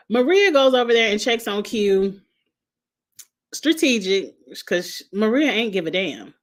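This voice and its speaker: A woman's voice: medium pitch, sing-song, measured pace. A middle-aged woman recapping a reality show in casual chat, blunt and sassy, laughing at her own jokes.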